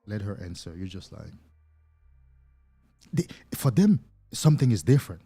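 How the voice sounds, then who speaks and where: Man with a low, dark, husky voice. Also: moderate pace. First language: not English. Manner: animated, acting out little scenes in other voices. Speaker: life coach. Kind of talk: livestream talk to viewers.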